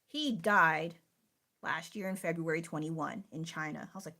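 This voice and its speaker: A woman's voice: deep voice, normal speed, pushed and bright. A woman chatting casually and rambling with restarts while streaming her art. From United States. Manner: chatty, rambling, self-interrupting.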